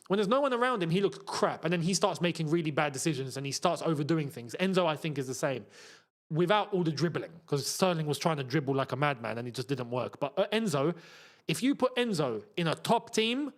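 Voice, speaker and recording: Give me a young man chatting through a live football watchalong, animated and fairly high. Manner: chatty, reads out viewer comments, bursts into emotional shouts. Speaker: football channel host.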